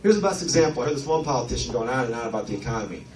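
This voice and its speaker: A man from Chicago doing a brash, profane stand-up comedy set on a comedy club stage, with lively storytelling. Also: mid-range voice, racing, distant mic, a little hiss or hum. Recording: echoey club recorded from afar. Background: audience laughter.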